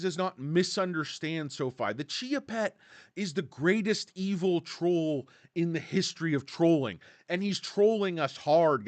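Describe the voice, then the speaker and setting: Male streamer, lively swinging pitch, dry close mic, sarcastic casual rant. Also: no room sound. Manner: animated, sarcastic, mocks analysts with put-on voices. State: tired. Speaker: stock commentary livestream host.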